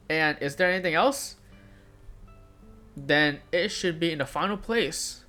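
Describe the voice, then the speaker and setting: A young man with a high, bright voice records a game playthrough at a desk mic. He reads the characters' dialogue aloud with light voicing and drops puzzled asides in between. Faint game music plays underneath. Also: unhurried, long pauses. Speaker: gamer. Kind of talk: let's play commentary, reading game dialogue aloud.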